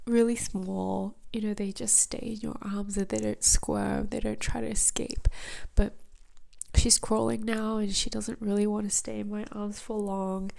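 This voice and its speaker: Tearful soft-spoken woman with a gravelly fry. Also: a little high. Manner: soft, breathy, half-whispered delivery. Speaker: podcast host. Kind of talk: reflective podcast monologue.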